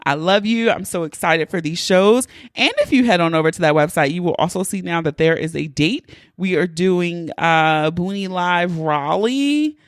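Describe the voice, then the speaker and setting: A woman's voice: lowish voice, normal speed, few pauses, no echo, studio quality. Chatty, profane woman podcast host. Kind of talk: casual podcast monologue.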